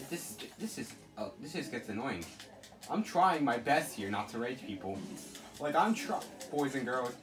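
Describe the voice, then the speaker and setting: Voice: mid-range voice, animated, normal speed. A gamer giving live commentary over a fighting game, exasperated, exclaiming and pleading at the opponent. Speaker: let's play gamer.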